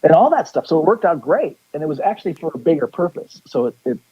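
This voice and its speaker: A man's voice: fairly high pitch, very animated, fast, slightly rough, lo-fi sound. A man guesting as a psychic on a radio show, telling a rambling story and acting out the lines of the people in it. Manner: rambling, restarts sentences, acts out quotes.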